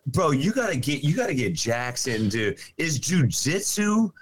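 An easygoing man talks casually on a podcast. His mid-pitched voice is slangy and enthusiastic, and he muses and agrees freely. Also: sing-song, a little slow, husky, dry recording. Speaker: podcast co-host. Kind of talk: casual chat.

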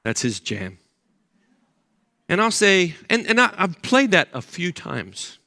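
An older man preaching a sermon as pastor, an animated storyteller who acts out the voices of people in his stories. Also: high voice, slow pace, vocal fry.

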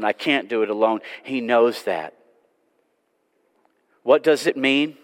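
A man preaching a sermon in a church, earnest and pleading, his delivery swinging from loud to hushed. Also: mid-range voice. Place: church sanctuary. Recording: long church reverb.

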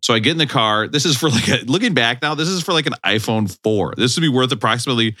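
A middle-aged man who tells stories at a quick clip and acts out the people he quotes. His voice is bright and forward, and the sound is close and dry. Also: mid-range voice, no echo. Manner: animated anecdotes, acts out quoted lines. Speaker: podcast co-host. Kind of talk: casual chat, storytelling.

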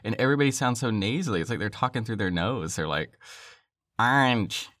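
Lively young man in casual chat. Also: fairly low pitch, fast, no room sound, studio quality. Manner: animated, laughs often, mimics accents. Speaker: podcast co-host.

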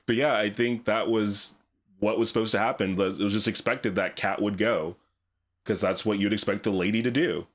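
A man's voice: on the low side, fairly even intonation, moderate pace. A man talking casually and ramblingly in a book discussion podcast, swearing freely. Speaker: podcast co-host.

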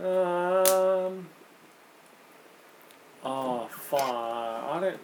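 Man, casual quiz contestant, swearing, bantering, animated pitch, faint noise behind. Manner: swearing, laughing, quick banter. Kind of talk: casual chat.

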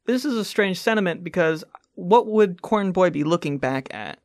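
Animated joking woman co-host. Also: moderate pace, no echo, clean studio sound. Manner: animated, jokey, rising to high squeals. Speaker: podcast co-host reading a story. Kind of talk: casual comedic chat.

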